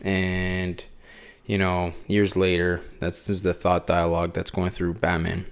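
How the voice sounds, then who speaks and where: Deep-voiced guy hosting a comic review podcast, rambly and full of ums. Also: level tone, unhurried, smooth. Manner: rambling, with many fillers and restarts. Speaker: podcast host. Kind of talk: casual comic book review.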